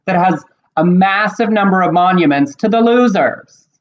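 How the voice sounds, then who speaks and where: Texas guy co-host, snippy and quick, sounds kinda muffled lo-fi. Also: high voice, lively intonation, slight background noise. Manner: snippy, fast, argumentative. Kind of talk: casual chat. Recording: dull lo-fi audio.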